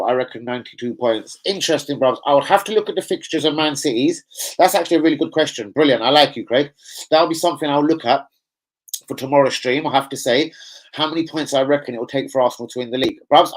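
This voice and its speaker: A young man with a fairly high, fairly bright voice hosts a football fan live stream on a low-quality recording. He chats casually in reaction, rambling, swearing, and using lots of slang.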